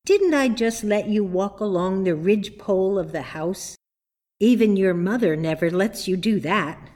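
A woman's voice: mid-range voice, a little slow, darkish tone, natural voice. Woman doing a smug, teasing dream spirit. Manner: teasing, offhand.

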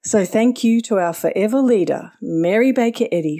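A woman's voice: mid-range voice, animated, moderate pace, hardly any pauses, warm tone. A woman from Australia giving a heartfelt, earnest testimony at a church meeting. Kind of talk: prepared personal testimony.

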